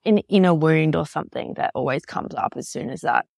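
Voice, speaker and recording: Deep, gravelly-voiced hesitant woman. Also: brisk, a little mellow, no room sound, clean studio sound. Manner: hesitant, searching for words, frequent "like". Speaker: podcast host. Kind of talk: casual podcast conversation.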